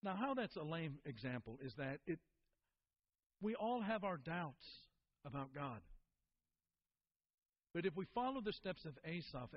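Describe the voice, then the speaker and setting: A man's voice: high-pitched, lo-fi sound. A man preaching a sermon, telling stories in an earnest way and repeating words for emphasis.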